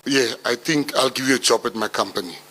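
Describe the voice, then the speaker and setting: A man's voice: medium pitch, brisk, sharp tone, pitched below the performer's own voice, low-quality recording. A South African man voicing an earnest businessman father in his own everyday voice. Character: grateful middle-aged businessman father.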